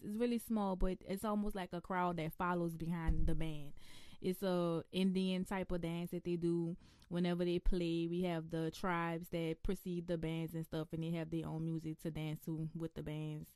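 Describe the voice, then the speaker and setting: A young adult woman with a New Orleans accent, answering interview questions in a relaxed, casual way with local slang and frequent laughs. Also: lowish voice, moderate pace, clean tone, dry recording, studio quality. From New Orleans, USA. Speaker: interview guest.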